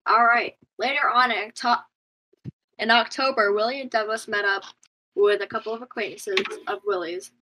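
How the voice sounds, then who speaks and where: A woman's voice: fairly high pitch, fairly even intonation, normal speed, pushed and bright, rough recording. A young woman reading out a true crime case in a casual chat, stumbling over names and laughing at herself. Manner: stumbles over names and words, giggly asides.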